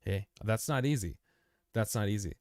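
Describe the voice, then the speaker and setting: With a lowish, slightly mellow voice at normal speed, a young man hosts a crypto chart analysis livestream. The clean studio recording has no room sound. Chatty and repetitive, he addresses the chart as "you" and calls listeners "man," "dude," and "bro" while going over price charts.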